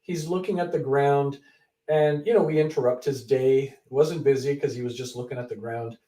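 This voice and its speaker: Animated man telling a story in an echoey room. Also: medium pitch, moderate pace. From Canada. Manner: animated storyteller who acts out quoted people. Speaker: author and guest. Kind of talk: interview storytelling. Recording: echoey room, distant from mic.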